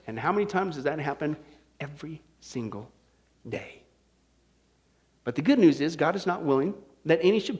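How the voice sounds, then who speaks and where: A man preaching a sermon, emphatic and folksy, often checking in with his listeners and swinging between loud declarations and hushed asides. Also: on the high side. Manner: folksy, asks the audience "right?".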